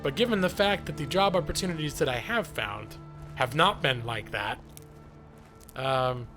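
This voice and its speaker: A gaming streamer with an animated, mid-range voice chats casually at normal speed over music. He provides live commentary on the video game he's playing, joking at his own expense.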